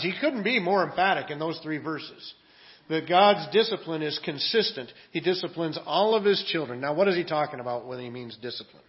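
Man pastor, conversational sermon, slightly raised pitch, dull lo-fi sound. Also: animated, brisk. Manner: conversational preaching with frequent restarts and rhetorical questions.

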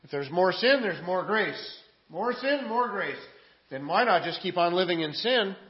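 Male pastor for a sermon recording: earnest, emphatic, slightly higher voice, dull lo-fi sound. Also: expressive, measured pace. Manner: earnest preaching, swings from quiet asides to loud emphatic scripture reading.

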